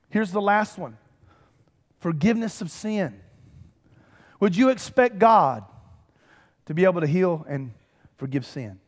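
Man, pastor, high voice, animated conversational sermon, reverberant church hall. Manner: animated, conversational preaching with humor and audience call-outs. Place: church sanctuary.

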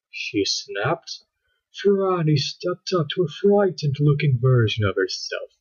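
A man reading a children's book aloud with expressive storytelling, on a dull lo-fi recording. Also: on the low side, measured pace, husky. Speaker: storybook reader.

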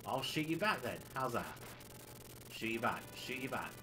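A man's voice: medium pitch, big pitch swings, normal speed, bright, forceful tone, soft background music. A man streaming a retro game, rambling cheekily and laughing often. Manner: giggly, rambling, cheeky banter with frequent laughs. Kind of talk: casual livestream chat while playing.

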